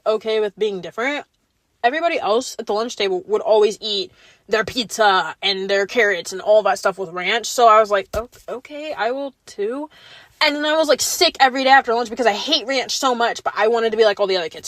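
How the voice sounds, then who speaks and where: A woman's voice: on the high side, fairly bright tone, no room sound. A young woman hosting a podcast, telling stories in casual chat and putting on playful voices for the people she quotes. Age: young adult. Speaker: podcast host.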